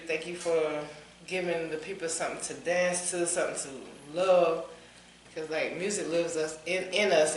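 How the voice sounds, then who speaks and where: Chatty Southern woman in an echoey room. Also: deep voice. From American South. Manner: chatty, laughs easily. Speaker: podcast co-host. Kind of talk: casual podcast chat. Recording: echoey room, faint noise.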